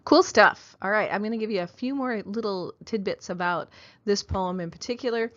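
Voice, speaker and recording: A woman teaching a high school English class, explaining the assignment step by step and often checking in with "okay?". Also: brisk, dull audio. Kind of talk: classroom lecture.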